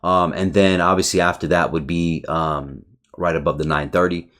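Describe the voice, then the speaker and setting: A man's voice: sits low, fairly even intonation, normal speed, a bit bright. A young man hosting a trading channel, reviewing his trades in a frustrated, rambling, profane way. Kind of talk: casual market review over charts.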